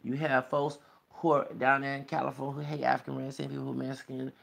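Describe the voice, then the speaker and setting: In a fast, flat, mid-range voice with vocal fry and a slightly bright quality, a Texas video blogger delivers a rambling, heated rant to the camera. He insistently ends his sentences with "okay?"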